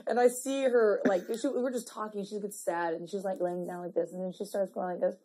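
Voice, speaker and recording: A woman's voice: mid-range voice, steady tone, a little fast, dark tone, breathy edge. A young woman chatting casually on a house tour, telling a story while breaking into giggles. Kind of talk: casual chat.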